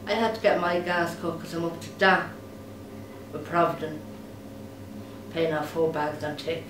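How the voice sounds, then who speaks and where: A woman playing a tired middle-aged mother, grumbling in a flat, resigned way. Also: deep voice, a little slow. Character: weary, put-upon Dublin mother. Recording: echoey room with noise.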